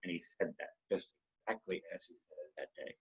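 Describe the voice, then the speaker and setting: A man hosting a web series, telling a personal story in an emotional, halting way with many pauses. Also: low voice, creaky, fairly bright tone, husky, low-quality recording.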